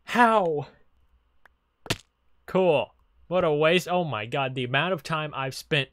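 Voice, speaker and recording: A man's voice: fairly high pitch, moderate pace, a bit bright, slight background noise. A young man hosting a casual Let's Play, talking to creatures in the game and reacting with sudden panicky outbursts. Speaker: gaming channel host.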